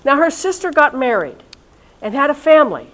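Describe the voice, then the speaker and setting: A woman, a religious sister, leading a reunion session in a chatty, lively way and talking straight to her audience. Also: high voice, fairly quick, rough recording. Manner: chatty and lively, talks directly to listeners. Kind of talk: informal talk to a live audience. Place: college event room.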